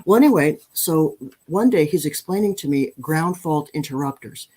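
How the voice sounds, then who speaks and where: An older woman in her sixties telling personal stories on a podcast, her voice a little low for a woman. She speaks animatedly, pokes fun at herself and trips into frequent restarts. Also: moderate pace, husky. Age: 60s. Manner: animated, self-deprecating, many restarts. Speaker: podcast guest. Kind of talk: storytelling in conversation.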